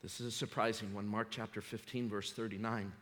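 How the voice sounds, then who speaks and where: A man's voice: lowish voice, little pitch movement, brisk, a bit bright. A man preaching a sermon as a pastor, fervent and emphatic. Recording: long hall reverb.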